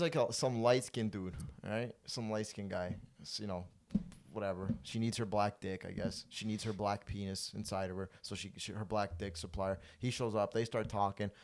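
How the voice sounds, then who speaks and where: A young man, a comedian hosting a podcast, telling a crude story in a loose, animated way and acting out what people said. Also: fairly low pitch. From Toronto, Canada. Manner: animated, crude, acts out quotes.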